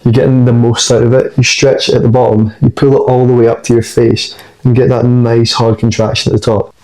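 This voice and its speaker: A man's voice: mid-range voice, flat delivery, fairly quick, a little mellow, a little hiss or hum, rough recording. A man giving casual gym training tips between sets, a little out of breath. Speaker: fitness vlogger. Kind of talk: casual gym vlog talk. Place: gym, indoors.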